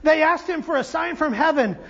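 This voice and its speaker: A man pastor preaching a sermon in a church, an animated, joking storyteller who restarts his sentences. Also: very high-pitched, brisk. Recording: dull audio with long hall reverb.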